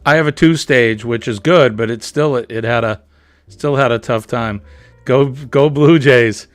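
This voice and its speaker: A man with a Boston accent hosting a live stream, chatting casually in a relaxed, drawn-out way. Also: medium pitch, no room sound, faint music behind. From New England. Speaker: livestream host. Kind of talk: casual chat.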